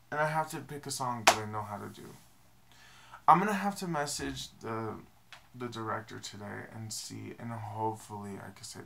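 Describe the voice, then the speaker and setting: Gravelly young man rambling to camera. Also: on the low side, moderate pace, sharp tone. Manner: rambling, self-deprecating, many fillers. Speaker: vlogger. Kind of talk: casual confessional vlog.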